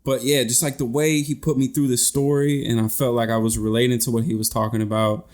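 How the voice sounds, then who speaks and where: A man's voice: medium pitch, level tone, a little fast, a little mellow. A man co-hosting a podcast, talking in a laid-back, slangy way with many restarts. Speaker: podcast co-host. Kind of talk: casual chat.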